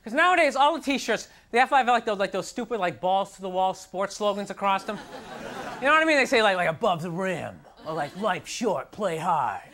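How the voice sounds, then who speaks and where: A young comic performing stand-up before a live studio audience speaks fairly quickly in a high, animated voice with a sharp tone. His set is an exasperated, self-mocking rant heavy on "like" and "you know," captured in a 1990s TV broadcast with audience laughter and noise.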